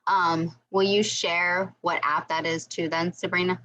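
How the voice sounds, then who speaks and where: Low-voiced woman leading a discussion. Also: level tone, a little slow, bright, forceful tone, poor audio. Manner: encouraging, asks questions. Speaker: book club discussion leader. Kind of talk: casual group discussion.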